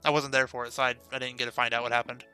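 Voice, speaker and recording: A man's voice: medium pitch, level tone, very fast, pushed and bright, clear, resonant tone, faint music behind. A young man streaming a game, chatting casually with viewers and laughing often. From United States. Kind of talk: casual live-stream chat while playing.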